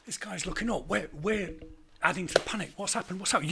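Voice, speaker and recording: Male storyteller, gravelly bright voice, animated comic anecdote. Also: fast, a little hiss or hum. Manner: animated, rising loud and high at the punchlines. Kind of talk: casual anecdote telling.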